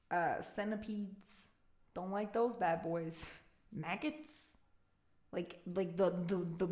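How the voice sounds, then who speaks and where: A woman's voice: mid-range voice, darkish tone, reverberant. A woman with a Canadian accent, chatting casually with her live-stream chat in a giggly, talkative way. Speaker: music streamer.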